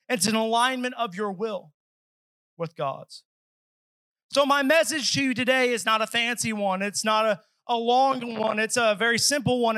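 High, bright-voiced male preacher. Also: no echo, rough recording. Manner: earnest, acts out pleading voices. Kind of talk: sermon. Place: church service.

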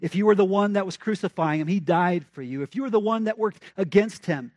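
Preaching in a conversational but emphatic manner, this pastor fires questions at his congregation and repeats phrases for weight. His voice is high for a man, a little fast and darkish in tone, recorded close and dry with no room echo.

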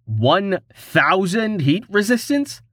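A man's voice: medium pitch, lively intonation, unhurried, dry recording, studio quality, lightly acted. A man voicing a tired, patient young male adventurer in a storybook. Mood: weary.

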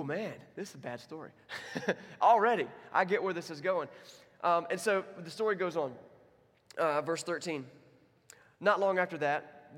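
Casual preaching man in a reverberant hall. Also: a little high. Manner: conversational, self-deprecating preaching. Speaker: pastor. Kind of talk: sermon. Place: church.

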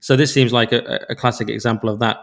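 A man's voice: mid-range voice, fairly even intonation, creaky. Chatty male podcast co-host. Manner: conversational, with restarts and quick reactions. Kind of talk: casual chat.

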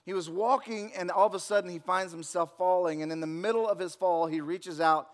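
A man with a high voice preaches a sermon from a church stage. He tells stories and acts out the voices in them, speaking to a congregation in the room. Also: fairly even intonation, brisk. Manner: storytelling, acts out voices in anecdotes. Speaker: pastor. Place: church sanctuary.

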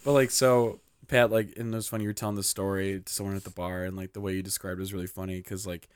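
Animated young man telling a story. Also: low-pitched, fast talker, smooth, no room sound. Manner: animated, acts out quoted lines, heavy use of "like". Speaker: podcast co-host. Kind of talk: casual storytelling chat.

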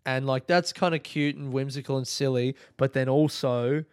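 A man's voice: medium pitch, steady tone, normal speed, darkish tone, smooth, no echo, studio quality. A young man hosting his own podcast, telling a story in a rambling, sweary way and laughing often. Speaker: podcast host and stand-up comedian. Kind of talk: casual solo podcast monologue.

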